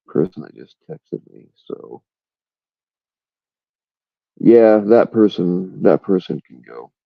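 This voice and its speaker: A man's voice: low voice, big pitch swings, slow, gravelly, no echo, dull audio. A man hosting a livestream in rambling casual chat, swearing freely. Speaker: livestream host.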